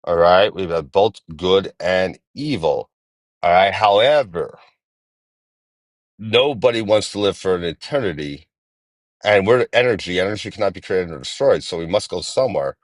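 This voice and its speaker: A man in his forties calling in to a live-stream debate, talking in halting restarts and repeating himself. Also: deep voice, expressive, no room sound. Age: 40s. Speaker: guest caller.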